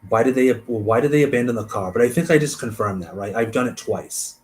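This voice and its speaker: A man hosting a stream, reading a case aloud and thinking out loud between passages, trailing off and restarting. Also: mid-range voice, brisk, rough recording. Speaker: host.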